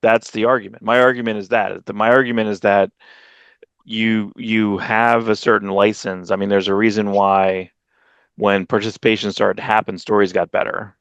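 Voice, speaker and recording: A man with a low voice co-hosts a comics podcast, telling a long story in loose, rambling chat. He acts out other people's lines with sudden high jumps in pitch. The sound is dry and close, with no room echo. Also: flat delivery, normal speed, a bit bright, clean tone, dull audio. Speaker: podcast co-host. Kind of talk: casual chat.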